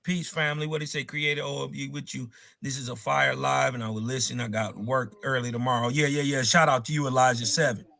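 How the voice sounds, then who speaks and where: Sharp-voiced combative male stream host. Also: mid-range voice, steady tone, brisk, creaky, hardly any pauses, no echo. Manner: slangy, combative, talks over others. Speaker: livestream host. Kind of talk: heated live debate.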